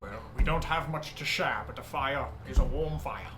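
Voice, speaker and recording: A man voicing a huge, gentle male furbolg who speaks slowly, softly and in a low, calm voice. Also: background noise, natural voice. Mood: calm welcoming.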